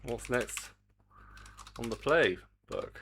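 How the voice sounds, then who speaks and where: A man's voice: mid-range voice, lively intonation, extremely slow, creaky, pushed and bright, a little hiss or hum. Male game dev on a live stream, frustrated mutterer, voice rises and falls a lot. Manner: exasperated muttering and humming to himself. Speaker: game developer streaming his work. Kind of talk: casual live-stream chat while coding.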